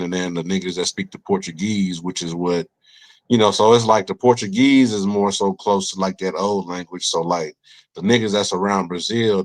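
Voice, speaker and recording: A man explaining at length in casual podcast chat, rambling and profane with many fillers. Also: sits low. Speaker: podcast co-host.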